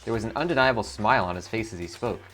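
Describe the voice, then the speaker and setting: A man reading a visual novel aloud, narrating in first person in a measured way. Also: fairly low pitch, a bit bright, faint music behind. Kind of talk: dramatic story reading.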